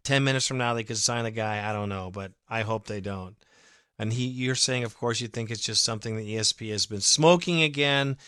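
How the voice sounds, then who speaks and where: A man hosting his own fan podcast, ranting with heated emotion and cursing as he answers listeners. His voice is bright and forceful, recorded close and dry with no room sound. He talks casually, in a steady middle pitch. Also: a little fast, clean tone, no room sound. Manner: emotional, ranting, swears freely.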